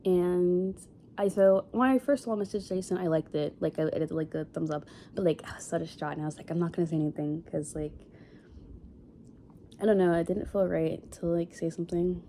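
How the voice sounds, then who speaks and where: A woman's voice: fairly low pitch, steady tone, fairly quick, mellow, a little hiss or hum. A young woman in her twenties telling a dating story in a casual vlog, rambling with lots of fillers and sniffling after crying. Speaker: vlogger.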